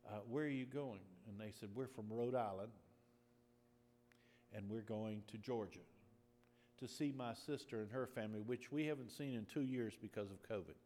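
A man pastor telling a personal story in a sermon, moving from relaxed storytelling to emphatic preaching. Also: on the low side, moderate pace. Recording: echoey hall with faint noise.

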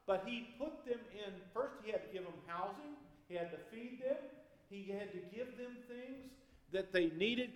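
A man preaching a sermon as pastor, swinging between loud and quiet passages. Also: high voice, expressive, normal speed. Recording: long reverb of a large hall.

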